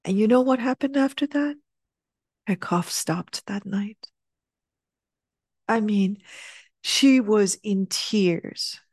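A middle-aged woman telling a heartfelt personal story, earnest and animated, sometimes dropping to a soft hush. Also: medium pitch, slow pace, pauses often, breathy edge, no room sound, studio quality. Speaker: speaker sharing a personal story.

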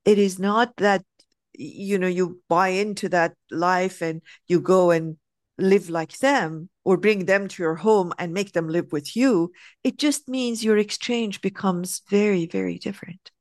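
A woman leads a spiritual class in an animated, emphatic way, acting out little scenes as she explains. Her pitch jumps around as she stresses points. The sound is close and dry. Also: a little slow, no room sound. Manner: animated, emphatic, acts out examples. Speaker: spiritual teacher. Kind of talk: teaching a class.

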